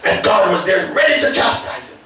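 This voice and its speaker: A pastor preaching a sermon, calling out to the congregation and swinging from quiet storytelling to shouted peaks. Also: male voice, high voice, expressive, a little fast, a little hiss or hum. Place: church sanctuary. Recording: echoey church hall, distant mic.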